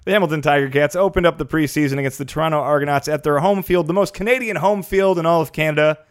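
A man's voice: fairly high pitch, fast talker, no room sound. Male host, wry headline reader, dry close sound. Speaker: podcast host reading the news. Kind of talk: casual sports comedy chat.

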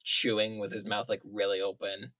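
A player chatting during a tabletop game, playful and quick to laugh. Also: low voice, flat delivery, a crowd in the background. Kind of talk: tabletop role-play chat.

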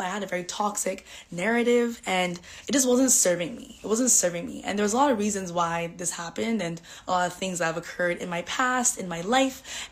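Candid, chatty woman host. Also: mid-range voice. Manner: candid, emotional, chatty, with frequent "like" fillers. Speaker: podcast host. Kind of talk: personal storytelling monologue.

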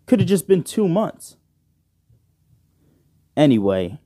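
Taking it slowly, this man's fairly high voice makes big pitch swings and has a dark tone with no echo. He's hosting his own podcast solo, a rambling, joking, profane chat peppered with "bro," recorded through a side-address studio microphone.

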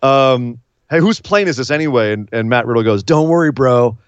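A man's voice: medium pitch, expressive, normal speed, clear, resonant tone, no room sound. Casual male podcast co-host, chatty recapper, dry muffled lo-fi sound. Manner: chatty, laughs while recapping.

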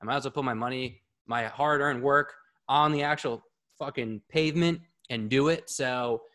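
Excitable rambling man hosting a podcast. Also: mid-range voice, normal speed. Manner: excitable and rambling, swears freely. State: a bit out of breath. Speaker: podcast host. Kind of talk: casual live podcast chat.

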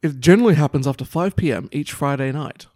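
A man's voice: on the high side, fast, a little mellow, no echo, studio quality. A young man with a New Zealand accent, co-hosting a podcast in casual chat, reading news stories aloud with crude jokes and rambling fillers. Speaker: podcast co-host.

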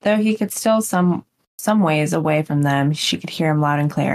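Low-voiced woman reading a novel. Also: normal speed, a little mellow. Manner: casual, self-correcting reading. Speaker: book podcast co-host. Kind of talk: reading aloud with casual asides.

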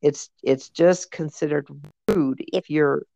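A woman's voice: low voice, takes it slowly, gravelly, warm tone, no echo. A woman co-hosting a podcast, telling rambling stories in casual chat with lots of fillers. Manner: rambling storyteller, many fillers. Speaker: podcast co-host. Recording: dull lo-fi dry recording.

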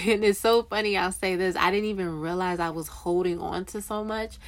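A woman's voice: lowish voice, steady tone, moderate pace. A young woman giving casual, earnest faith encouragement, rambling a little and correcting herself as she goes. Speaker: Christian encourager speaking to waiting spouses.

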